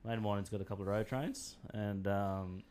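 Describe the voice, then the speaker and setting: A man's voice: lowish voice, steady tone, normal speed, darkish tone. A man with an Australian accent hosting a podcast, spinning laid-back yarns in casual chat and swearing freely. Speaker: podcast host.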